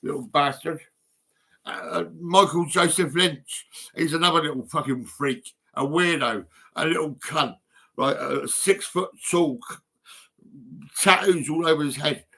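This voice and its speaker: A man's voice: on the high side, measured pace, gravelly, pushed and bright, slightly rough. An older man ranting bitterly to camera, swearing a lot and repeating himself with tag questions. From United Kingdom. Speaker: vlogger. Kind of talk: angry profane rant to camera.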